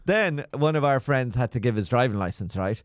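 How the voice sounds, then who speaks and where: A man with an Irish accent, a comedian co-hosting a podcast, telling anecdotes in a casual, animated way. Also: mid-range voice, fairly quick, dry recording, clean studio sound. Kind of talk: casual storytelling chat.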